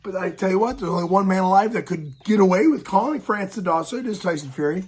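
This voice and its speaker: A man delivers a casual, rambling commentary on an upcoming fight, often restarting his sentences and building up steam as he goes. His voice sits a little on the high side and carries a husky, slightly rough edge. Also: lively intonation, fast, darkish tone. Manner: rambling, repeats words, gets worked up.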